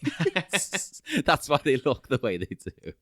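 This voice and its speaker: Dry wry guy chatting on a podcast, lowish voice, swoopy, no room sound. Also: huge pitch swings, measured pace, a bit bright, dry recording. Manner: dry, wry, understated humor. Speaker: podcast co-host. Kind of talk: casual chat.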